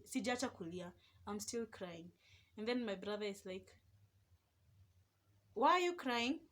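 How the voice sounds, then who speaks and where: A young woman with a Kenyan accent, telling a personal story in a lively, casual vlog and slipping between Swahili and English. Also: medium pitch. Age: young adult. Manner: animated, mixes Swahili and English. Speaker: vlogger.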